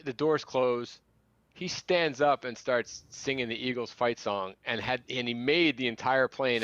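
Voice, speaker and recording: A man's voice: mid-range voice, a bit bright, smooth, no echo. Hesitant man on a muffled call line. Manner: hesitant, many fillers. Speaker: guest caller. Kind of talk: casual chat.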